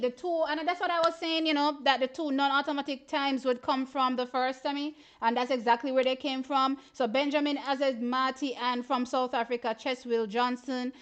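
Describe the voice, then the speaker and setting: High-voiced woman hosting a livestream. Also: normal speed, hardly any pauses, smooth. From Jamaica. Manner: animated, exclamatory, often says "child". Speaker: livestream host. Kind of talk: casual live-stream sports commentary.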